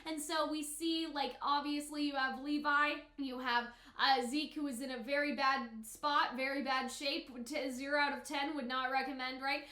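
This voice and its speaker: Bright, high-voiced chatty woman. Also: steady tone, normal speed, few pauses, echoey room. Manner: chatty, filler-heavy, emotional. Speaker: anime reaction youtuber. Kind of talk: casual reaction commentary.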